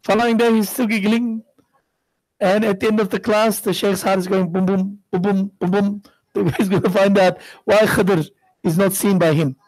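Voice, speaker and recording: This middle-aged sheikh preaches at normal speed in a high-pitched but darkish voice with little pitch movement. He weaves stories into the sermon, acting out their voices and asking rhetorical questions, on a dry, rough recording.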